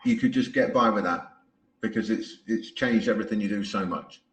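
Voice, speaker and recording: A man's voice: fairly low pitch, brisk, fairly bright tone. A man hosting a podcast, telling stories in a chatty way and laughing often. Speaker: podcast host. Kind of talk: casual podcast conversation. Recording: roomy echo.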